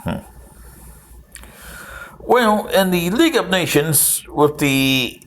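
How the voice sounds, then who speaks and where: A man's voice: on the high side, big pitch swings, takes it slowly, fairly bright tone. A man, older, giving a rambling history monologue with sarcastic, mocking asides.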